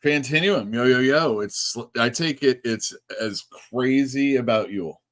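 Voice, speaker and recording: A man's voice: medium pitch, unhurried, fairly bright tone. A man from California hosting a casual live stream for his comic shop, chatting loosely and reading out viewer comments. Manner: chatty, reads out chat comments, laughs often.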